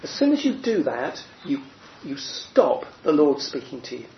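A man's voice: fairly high pitch, big pitch swings, normal speed, slight background noise. A man teaching a small group in a chatty way, full of fillers and restarts, asking his listeners questions. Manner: conversational, many fillers and restarts, asks the room questions. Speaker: preacher. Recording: muffled roomy recording.

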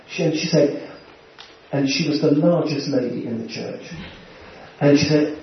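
A man preaching a sermon in an unhurried way, pausing often and clearing his throat between phrases. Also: fairly high pitch. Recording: very echoey, dull church sound with faint hiss.

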